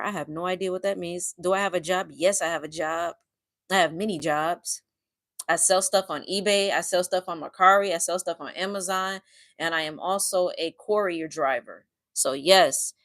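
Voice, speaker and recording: A woman's voice: fairly low pitch, a bit bright. A woman from the Midwest of the United States hosting a casual livestream, talking earnestly and emotionally while reading out viewer comments. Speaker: livestream host.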